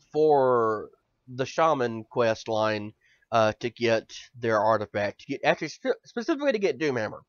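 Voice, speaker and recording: A man's voice: medium pitch, fairly bright tone, no echo. A male podcast host ranting in casual chat, swearing often and stammering over repeated words. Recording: dull dry lo-fi audio.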